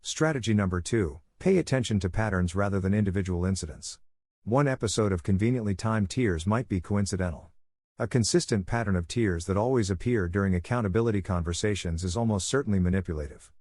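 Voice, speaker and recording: Male narrator, lowish voice, measured and instructive, close dry read for an explainer. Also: no echo. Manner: even, measured, instructive delivery.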